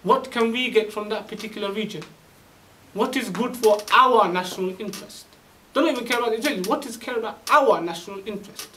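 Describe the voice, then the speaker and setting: A man preaching an Islamic lecture in a high-pitched, insistent voice. He presses his points with rhetorical questions and recites Arabic verses. The mic sits some distance away, with a faint hiss under his voice. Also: fairly quick, bright, forceful tone. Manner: emphatic, rhetorical questions, quotes Arabic scripture. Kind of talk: religious lecture.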